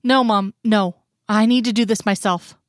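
A woman's voice: mid-range voice, fairly even intonation, moderate pace, no echo, close to an everyday voice. A remorseful grown daughter, as a woman reads her lines, pleading and apologetic in a storybook reading. The sound is dry and close-miked.

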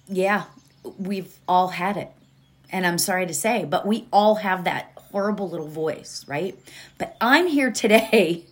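A woman hosting a motivational podcast, talking casually and directly to her listeners with frequent laughs. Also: mid-range voice. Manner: chatty, laughs often, addresses listeners directly. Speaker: podcast host.

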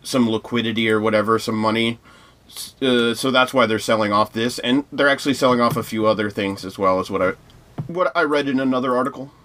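A man's voice: medium pitch, brisk, fairly bright tone. A man co-hosting a podcast, reading news items aloud with many fillers and restarts in casual discussion. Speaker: podcast co-host.

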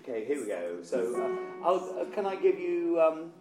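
Choir director in an echoey room. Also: male voice, fairly high pitch, big pitch swings, moderate pace, over music. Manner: encouraging, demonstrates vowels by singing. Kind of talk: choir rehearsal coaching. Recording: roomy echo with faint instrument.

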